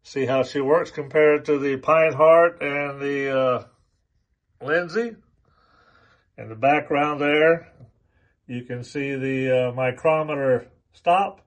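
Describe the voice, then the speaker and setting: A man hosting a product demonstration, talking plainly and slowly with many pauses and fillers. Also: mid-range voice. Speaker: host.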